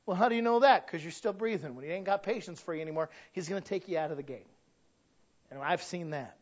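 A man preaching a sermon as a pastor, swinging from quiet storytelling to loud shouted points, with humor. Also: high voice, animated, a little fast. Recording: dull lo-fi sound.

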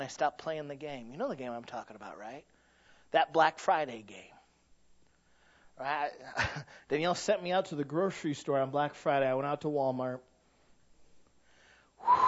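A man's voice: a little high, dull audio. A man preaching a sermon in a conversational way, asking rhetorical questions and building to emphatic peaks. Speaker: pastor.

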